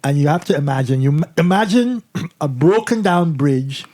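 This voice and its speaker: Animated man telling a story. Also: on the high side, normal speed. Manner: animated, restarts, tags "right?". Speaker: podcast co-host. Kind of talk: casual storytelling.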